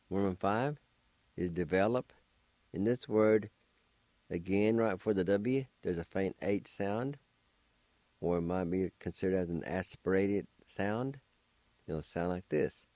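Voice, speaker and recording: A man with a deep, mellow voice hosts a radio language lesson, taking his time. He spells and sounds out each word syllable by syllable as a patient, encouraging teacher. The sound is close and dry. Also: dry recording. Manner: spells and pronounces words slowly, syllable by syllable.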